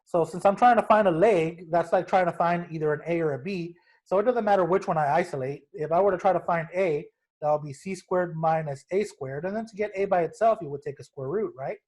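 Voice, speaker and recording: Young male math teacher, slightly high voice, relaxed joking classroom delivery. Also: fairly quick. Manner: casual and joking, talks to students as guys. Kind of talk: recorded math lesson.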